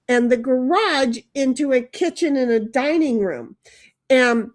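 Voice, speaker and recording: Woman streamer chatting away, reads chat out loud, giggly and rambly, kinda high voice. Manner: rambling, laughs often, breaks into sung jingles. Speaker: livestream host. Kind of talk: casual chat, reading viewer comments aloud.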